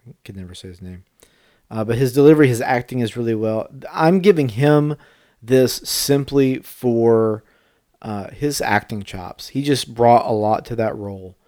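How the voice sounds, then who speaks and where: A middle-aged man co-hosts a podcast in a casual, talkative way, tripping over his words now and then. His voice is medium-pitched and darkish at a moderate pace, recorded with studio quality and no echo.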